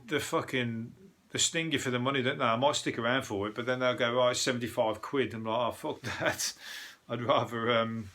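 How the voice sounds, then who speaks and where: A man's voice: mid-range voice, sharp tone. A man with a Birmingham accent, a comedian hosting a podcast, rambling and swearing through a casual news review with jokes. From English Midlands.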